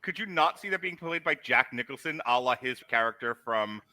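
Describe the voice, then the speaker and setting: Male podcast co-host, bright sharp voice, lively swings, jokey, profane. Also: mid-range voice, brisk, dry recording. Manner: joking, profane, animated. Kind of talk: casual chat.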